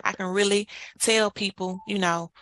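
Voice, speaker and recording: A woman's voice: mid-range voice, steady tone, moderate pace, a bit bright, poor audio. A woman with a Memphis Southern accent, co-hosting a podcast, talking in an easygoing, reflective way. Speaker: podcast co-host, entrepreneur. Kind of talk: casual podcast chat.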